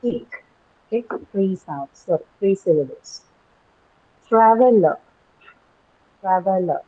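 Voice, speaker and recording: A woman's voice: medium pitch, normal speed, dark tone, slightly rough. A woman teaching an English class online, patiently repeating words and questioning her students. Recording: tinny phone-like call audio.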